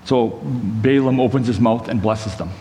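A man's voice: mid-range voice, measured pace, mellow. Guy telling a bible story at church, chatty and easy, big hall echo, bit of background noise. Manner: conversational storytelling with side notes. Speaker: preacher. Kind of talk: sermon, retelling a Bible story. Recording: long hall reverb, faint room noise.

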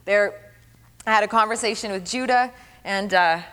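A middle-aged woman preacher giving an earnest sermon testimony, repeating phrases for emphasis and dropping to a hush at tender moments. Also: mid-range voice, normal speed, smooth. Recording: long hall reverb.

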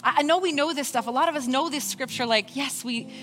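A woman preaching a sermon in an animated way, voicing Bible figures in short quoted lines. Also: high-pitched, fast. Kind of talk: sermon with worship music.

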